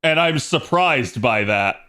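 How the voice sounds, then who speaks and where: Slow and animated, this streamer has a medium-pitched voice that's pushed, bright, and clean. He keeps up casual conversation with his chat during play, laughing often.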